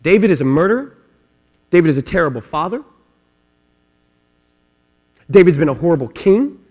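High-voiced impassioned male preacher. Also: big pitch swings, normal speed, darkish tone, in a large hall. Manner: impassioned, repeats phrases, builds to rising fervor. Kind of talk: sermon.

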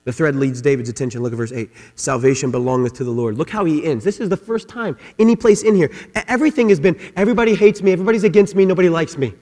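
A man preaching a sermon with passion, repeating his words and swinging between loud, driving lines and hushed ones. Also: a little high, very fast, few pauses. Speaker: pastor. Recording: long hall reverb, mains hum.

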